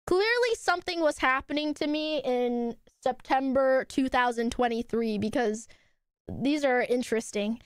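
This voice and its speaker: A woman streamer talks to her chat in a high, bright voice that swoops all over the place, laughing and swearing without pause. She breaks into excited shouts yet keeps an unhurried pace between bursts. The sound is close and dry, with no room echo. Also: clear, resonant tone. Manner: laughs often and swears freely. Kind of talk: casual live-stream reaction chat.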